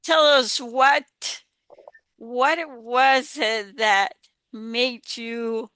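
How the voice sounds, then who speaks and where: A woman's voice: fairly high pitch, steady tone, drawn-out words, bright, forceful tone, clear, resonant tone, dry recording. A woman who is a business coach, hosting a webinar and asking long, rambling questions full of fillers. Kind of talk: hosting an interview.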